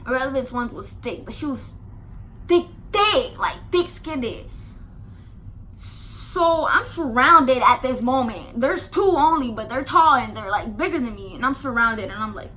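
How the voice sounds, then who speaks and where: High, bright-voiced woman telling a story. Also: measured pace, slight background noise. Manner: animated, emphatic and profane, lots of "like" fillers. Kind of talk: casual storytime.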